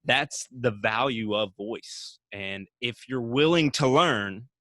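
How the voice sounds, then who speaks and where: A man's voice: mid-range voice, slow, a bit bright, no room sound. A man hosting a casual podcast, upbeat and encouraging, turning often to speak straight to his listeners. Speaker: podcast host.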